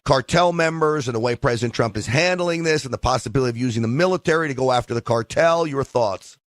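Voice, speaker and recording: A man's voice: medium pitch, fast talker, no room sound. A man hosting a call-in talk radio show, teasing his callers in a jokey way and laughing often. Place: radio studio. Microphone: studio microphone.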